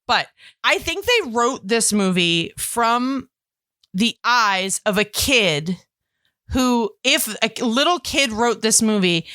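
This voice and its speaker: A woman co-hosting a podcast in casual chat, animated and gushing, with plenty of fillers and laughter. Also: a little high, dry recording, studio quality. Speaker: podcast co-host.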